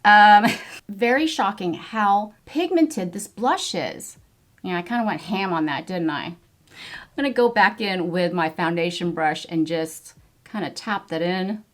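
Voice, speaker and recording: A middle-aged woman chatting through a makeup tutorial, enthusiastic as she reviews each product. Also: fairly low pitch. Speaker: beauty vlogger.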